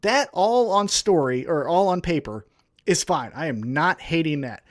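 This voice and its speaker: A high-voiced man rants with heat, his pitch leaping all over as he swears his way through a complaint. He sounds like a podcast co-host in full flow. The sound is dry and close. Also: animated, moderate pace, no room sound. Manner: heated, profane, ranting. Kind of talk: profane wrestling podcast rant.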